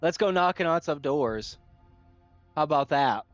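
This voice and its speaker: A man talking through his own gameplay in an unhurried, casual voice that sits a bit high. He thinks aloud and keeps repeating excited exclamations, with faint music underneath. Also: no room sound. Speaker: gaming video host.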